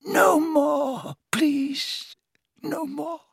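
A man voicing an anguished old male wizard in an audiobook, pleading slowly in a high, trembling, breathy voice that at times drops to a whisper. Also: a bit bright, dry recording, clean studio sound, exaggerated voice. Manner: slow, broken pleading.

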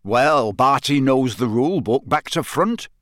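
A jovial, boyish official, read by a man in a near-natural voice, bouncy and lively in its pitch. Friendly and a bit nervous in manner. Dry, close storybook sound. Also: unhurried, no room sound.

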